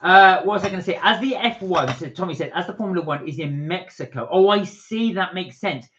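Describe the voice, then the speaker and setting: Co-host pria Inggris, santai dan cerewet, nada agak tinggi, audio kusam lo-fi. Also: male voice, sits high, a little fast, a bit bright, a little hiss or hum. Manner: chatty, reads out viewer comments, jokes. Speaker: co-host of a live stream. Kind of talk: casual live-stream chat reading viewer comments. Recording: dull lo-fi stream audio.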